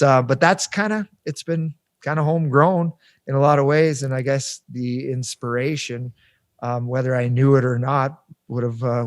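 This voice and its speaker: A male podcast guest with a middle-pitched voice speaks in a halting, thoughtful way, restarting phrases as he searches for words. The sound is dry and close, with no room echo. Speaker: podcast guest, adventure racer. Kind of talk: casual interview talk.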